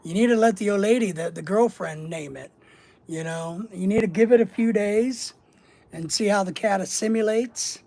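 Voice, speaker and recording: Here a middle-aged livestream host talks at normal speed in a high-pitched, dark-toned voice. He reads out chat messages and answers them, rambling, joking, repeating words and running through lists.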